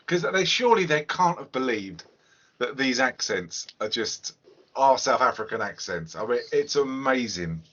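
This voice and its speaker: A man's voice: medium pitch, moderate pace, slight background noise. Podcast host guy rambling about a movie, swears a bit, muffled audio. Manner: rambling, animated, swears freely. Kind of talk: casual film review chat.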